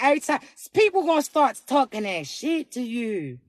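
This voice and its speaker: A woman with a raspy voice giving a casual spiritual reading to camera, slangy and emphatic, often asking "you heard me". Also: sits high, lively intonation, normal speed, hardly any pauses, dry recording, studio quality. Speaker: spiritual card reader.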